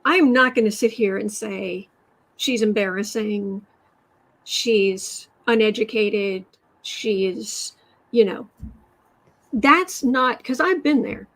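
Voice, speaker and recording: A woman from West Virginia hosting a tarot and astrology livestream, telling stories in a rambling, animated way with sudden emphatic outbursts. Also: medium pitch, slow pace. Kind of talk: casual chat, storytelling.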